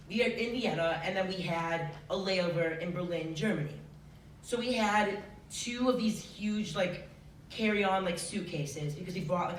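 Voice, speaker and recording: A high-school student telling a true story live on stage, chatty and full of filler words. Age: teen. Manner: chatty, many filler likes. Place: school auditorium with audience. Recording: roomy hall, distant mic, noisy. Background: audience laughter.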